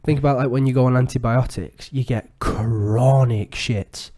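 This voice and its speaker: A young man in his twenties, co-hosting a podcast and telling a crude story in casual, animated chat full of swearing. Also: mid-range voice, normal speed. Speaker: podcast co-host.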